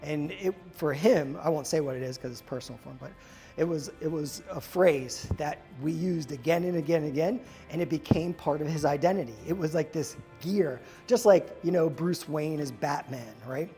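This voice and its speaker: A middle-aged man talking as a fitness coach and host, giving energetic, emphatic motivational advice and repeating key phrases. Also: a little high, moderate pace, soft background music.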